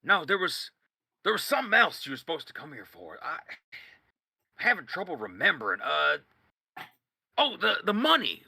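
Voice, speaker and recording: A loud, folksy outlaw boss barks orders in a rural drawl, as a man puts him on. The voice sits higher than the speaker's own and rings bright and forceful. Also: wildly swooping pitch, normal speed, gravelly, pauses often, breathy edge, no room sound, studio quality, full character voice. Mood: muddled. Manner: old-timey rural drawl, "ain't" and "consarn it".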